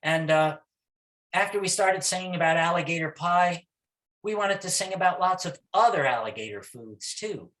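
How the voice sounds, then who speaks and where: A man giving a talk on music for young children, in a halting, chatty way with many restarts and sudden loud rhythmic chanting demonstrations. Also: sits high. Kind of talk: informal lecture with chanting demos.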